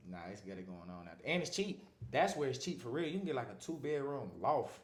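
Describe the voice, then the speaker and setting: A man, a podcast guest telling stories in a relaxed, slangy way. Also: mid-range voice, fast talker, reverberant. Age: 20s. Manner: laid-back, slangy storytelling. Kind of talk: casual podcast chat.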